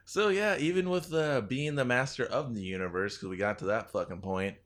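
A man's voice: mid-range voice, a bit bright. Profane joking man in casual banter. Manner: profane, joking, quick quoted bits.

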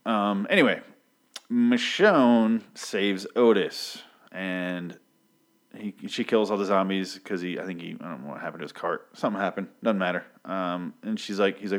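Man, lowish voice, casual comic recap, rambling, profane, lots of ums. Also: moderate pace. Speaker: comic book reviewer.

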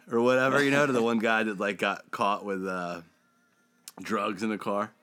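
A young man co-hosting a casual podcast chat, animated and swearing freely as he acts out movie scenes. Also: on the low side, moderate pace. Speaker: podcast co-host.

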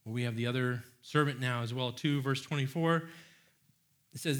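A man preaching a sermon as pastor, animated and earnest, acting out excited praise and restarting his phrases. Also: medium pitch, normal speed. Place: church.

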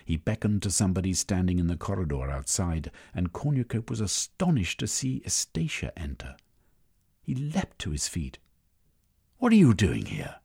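A man reading a story aloud as narrator, in measured storytelling. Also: low voice, big pitch swings, darkish tone, breathy edge. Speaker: audiobook narrator. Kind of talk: scripted narration.

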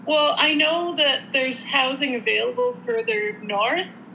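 A woman's voice: high-pitched, big pitch swings, measured pace, sharp tone, a little hiss or hum, rough recording. A woman with a Canadian accent, chatting casually on a podcast in a laid-back way, with fillers and easy laughs. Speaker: podcast co-host. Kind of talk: casual chat.

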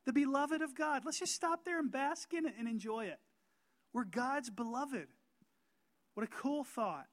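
Male pastor from North Carolina, emphatic preacher who leans on slow stressed words and questions to the room. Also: very high-pitched, lively intonation, a bit bright. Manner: emphatic, asks the congregation rhetorical questions, slows down to stress words. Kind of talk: sermon.

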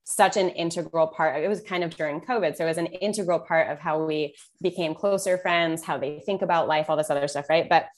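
A woman nutrition coach with a fairly low voice, chatting as a podcast guest. She tells stories at a casual pace and grows animated when she acts out her own words. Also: a little fast, few pauses. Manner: storytelling, animated when quoting herself. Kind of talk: casual interview chat.

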